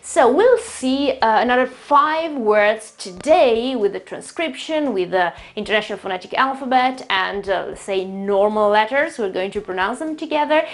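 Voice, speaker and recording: Italian-accented woman teaching English, higher voice. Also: animated, moderate pace, hardly any pauses. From Italy. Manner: chatty, explains step by step, repeats words to model pronunciation. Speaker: English teacher, channel host. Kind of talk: online language lesson.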